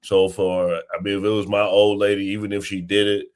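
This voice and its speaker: A male panelist speaking calmly and with measure in casual talk. His voice is very deep and hardly moves in pitch. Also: fairly quick.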